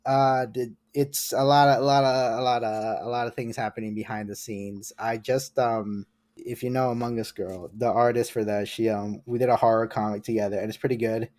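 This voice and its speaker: A man's voice: medium pitch, fairly even intonation, moderate pace, darkish tone, dry recording, clean studio sound. A man in his late twenties, a comic artist guest in casual podcast chat, rambling and self-mocking and often restarting his sentences. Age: late 20s.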